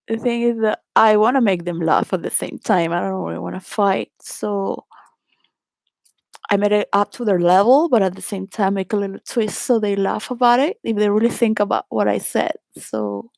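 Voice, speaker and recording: A woman's voice: mid-range voice, moderate pace, creaky, dry recording, studio quality. A woman from Venezuela telling candid personal stories in a rambling way, laughing often and restarting her sentences.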